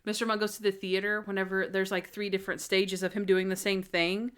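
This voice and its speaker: Woman cohosting a podcast, chatty and rambly, keeps giggling, middle pitch. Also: level tone, fairly bright tone, smooth. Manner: rambling, giggly, quick asides. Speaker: podcast co-host. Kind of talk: casual chat.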